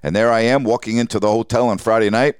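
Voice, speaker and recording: A sportscaster in his sixties from Long Island, hosting his podcast and telling a lively story about his early career, acting out the people in it. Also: lowish voice, fast, smooth, no room sound, clean studio sound. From Long Island, New York. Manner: animated storyteller who acts out quoted dialogue.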